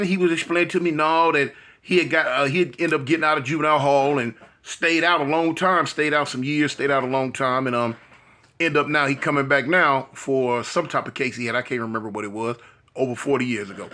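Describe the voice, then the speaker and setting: An older man casually telling a story from his past to an online audience, acting out the quotes in a higher voice. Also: a little fast. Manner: animated, acts out quotes in a higher voice.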